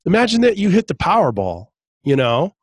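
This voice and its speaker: A man's voice: high-pitched, huge pitch swings, a little fast, breathy edge, no room sound. A man in a casual podcast conversation, telling a long story full of restarts and fillers, laughing now and then. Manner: laughs while telling stories.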